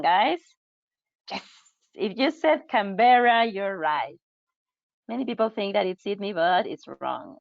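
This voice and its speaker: A woman's voice: medium pitch, creaky, no room sound. Upbeat woman teacher. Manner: upbeat, chatty, reacts to chat comments. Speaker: English teacher trainer. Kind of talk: online webinar teaching. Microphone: computer mic on a video call. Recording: dull, dry webinar audio.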